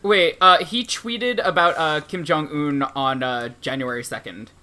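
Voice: medium pitch, measured pace, bright, forceful tone. A podcast co-host in casual chat, playful and profane.

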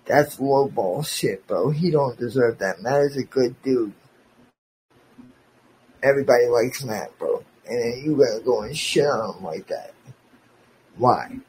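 Angry, profane podcast host ranting. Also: male voice, mid-range voice, animated, a little slow, long pauses, a little mellow, a little hiss or hum, low-quality recording. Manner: confrontational, profane, sarcastic. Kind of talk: angry on-air rant.

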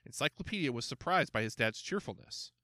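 Animated, bright-voiced male storyteller. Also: mid-range voice, fairly quick, dry recording. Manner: expressive, animated reading. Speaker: narrator. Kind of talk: storybook read-aloud.

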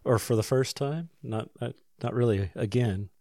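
A man hosting a casual podcast, joking in a dry, deadpan way. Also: mid-range voice, normal speed, no room sound. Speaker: podcast host. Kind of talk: casual chat.

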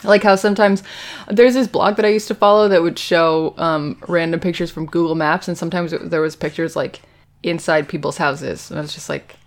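A woman's voice: fairly low pitch, a little fast. A woman co-hosting a podcast, animatedly recapping an episode and acting out the characters' lines with giggles. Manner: animated retelling, acts out quotes, giggly. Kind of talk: casual chat.

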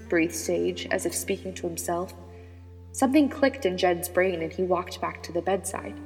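A woman narrating a serialized story in a measured, dramatic manner. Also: fairly low pitch, fairly even intonation, a little mellow. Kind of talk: scripted audiobook narration. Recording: long reverb with background music.

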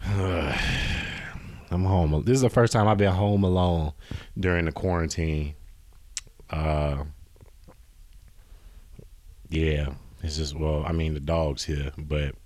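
A man's voice: very deep voice, fairly even intonation, slow pace, pauses often, darkish tone, dry recording. Rambling, profane male podcast host. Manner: rambling, profane, loses his train of thought. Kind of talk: casual solo podcast monologue. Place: at home.

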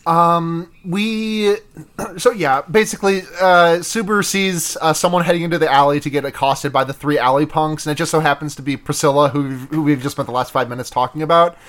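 A man's voice: a little high, steady tone, a bit bright. A man co-hosting a podcast, recapping an episode in casual chat with hesitant ums and restarts. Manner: hesitant, many "um" and restarts, quick to laugh. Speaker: podcast co-host.

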